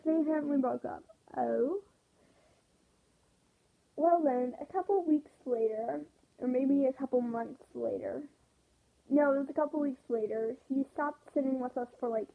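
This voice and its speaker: A woman's voice: fairly high pitch, vocal fry. A woman telling a rambling storytime, swearing often and leaning on "I'm like" as she goes. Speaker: vlogger. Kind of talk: storytime chat. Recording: tinny phone-like sound.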